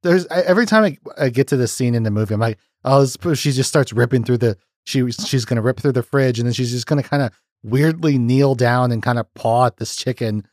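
Animated man gushing in dry podcast chat. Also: mid-range voice, fairly quick, dry recording. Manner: animated, laughs often, recounts film scenes eagerly. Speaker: podcast host. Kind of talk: casual chat.

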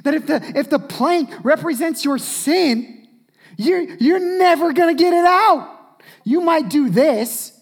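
A man preaching a sermon as pastor, animated, swinging from loud shouts to hushed, near-whispered asides. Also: very high voice, takes it slowly.

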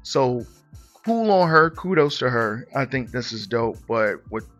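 A man's voice: medium pitch, expressive, measured pace, fairly bright tone, faint music behind. A man hosting a podcast, reading a news story aloud and then reacting to it bluntly and with laughter. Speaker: podcast host. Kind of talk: casual commentary on news.

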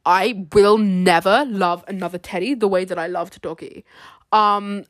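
A woman's voice: mid-range voice, no room sound. Giggly young woman podcasting. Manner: giggly, self-deprecating, chatty. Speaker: podcast host. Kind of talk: casual rambling podcast.

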